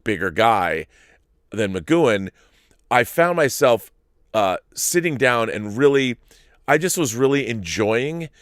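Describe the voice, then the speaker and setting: A man's voice: medium pitch, expressive, slow pace, a bit bright, no echo. Guy rambling about a show, keeps restarting, mid voice, dry close sound. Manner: rambling, restarts often, acts out quotes. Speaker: podcast co-host. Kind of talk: casual discussion.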